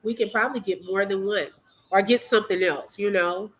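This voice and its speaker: A woman's voice: mid-range voice, a little fast, husky, poor audio. A middle-aged woman hosting a casual livestream, emotional as she talks straight to her viewers and reads their comments aloud. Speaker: livestream host.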